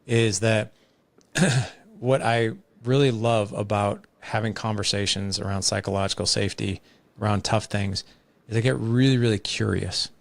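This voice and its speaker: Gravelly low-voiced father, earnest. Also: fairly even intonation, normal speed. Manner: earnest, talks in examples, many "like" fillers. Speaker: podcast guest, father. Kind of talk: conversational podcast explaining.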